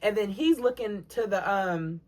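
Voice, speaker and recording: A young woman, telling a storytime vlog story in an animated way, acting out what people said with big jumps in pitch. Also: a little slow. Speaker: vlogger.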